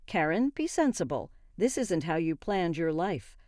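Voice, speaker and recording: A woman voicing a disapproving middle-aged mother in a measured, slow way. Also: lowish voice, big pitch swings, darkish tone, dry recording, clean studio sound. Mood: insistent.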